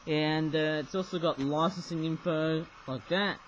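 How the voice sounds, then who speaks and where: A man with a slightly high, steady voice speaks unhurriedly in a low-quality webcam recording with slight background noise. In his casual toy review vlog, he rambles and habitually ends sentences with "though, eh?".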